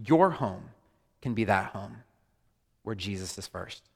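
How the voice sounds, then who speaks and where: A man preaching a sermon as a pastor, animated and joking with his congregation. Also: lowish voice, a little slow, vocal fry. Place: large church hall. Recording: hall reverb.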